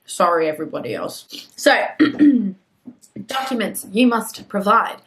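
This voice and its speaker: A young Australian woman chats her way through a casual vlog, reading text aloud in a mid-pitched voice. She is easily sidetracked and self-mocking, and drops into quiet muttered asides. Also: expressive, unhurried, a little hiss or hum, rough recording. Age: young adult. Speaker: vlogger.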